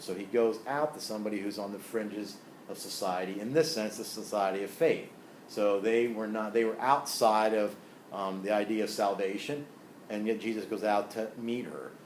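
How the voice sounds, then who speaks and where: A man's voice: lowish voice, darkish tone, slight background noise. A man giving a classroom lecture in a conversational way, often checking in with tag questions and asides. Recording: echoey room, faint ambience.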